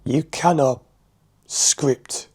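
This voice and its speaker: A man talks to the viewer about his therapy sessions, chatting loosely and laughing now and then. His voice is mellow and warm, sitting at an ordinary pitch for a man. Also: very slow, breathy edge. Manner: chatty, conversational, laughs often. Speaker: hypnotherapist and driving instructor. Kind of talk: explaining to viewers to camera. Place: a room in his home.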